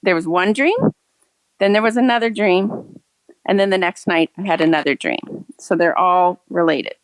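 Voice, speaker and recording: A woman's voice: on the low side, normal speed. A retired woman in her sixties, a former teacher, telling a long personal story in a rambling, earnest way with frequent restarts. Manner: earnest, rambling, laughs often. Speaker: caller sharing a story. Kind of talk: casual storytelling.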